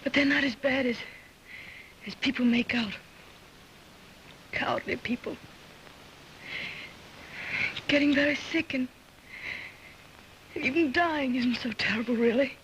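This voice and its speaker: A gentle young mother near death, her voice high and soft, soothing her son with halting, tender words. The speech has the measured, theatrical polish of 1930s film acting. A faint hiss lies under it. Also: highs cut off.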